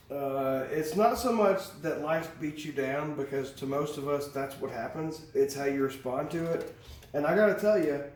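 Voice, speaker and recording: A man giving a casual, rambling tarot reading, candid and swearing freely, recorded at a distance in a very echoey room. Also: fairly high pitch. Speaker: tarot reader. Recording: very echoey room, distant mic, faint hiss.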